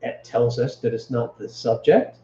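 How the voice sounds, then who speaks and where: A man's voice: medium pitch, normal speed, warm tone, reverberant, highs cut off. A man teaching Hebrew grammar to a live stream, explaining step by step and checking in with his listeners. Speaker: Bible teacher.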